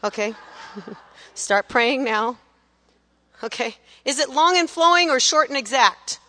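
A woman's voice: high voice, lively intonation, slow, pushed and bright, big-room sound. A woman teaching a gospel singing class, coaching students energetically, counting them in and singing phrases to show them. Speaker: vocal teacher.

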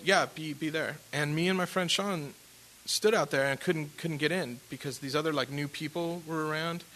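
Bright-voiced man telling a rambling story. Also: on the high side, rough recording. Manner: rambling, animated, with fillers and laughs. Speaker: musician telling his story. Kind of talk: casual storytelling.

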